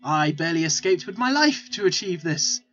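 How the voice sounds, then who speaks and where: A man voicing a boastful male gnome street hawker, shouting sales patter in a put-on foreign accent. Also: on the high side, very animated, a little fast. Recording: lo-fi with faint music.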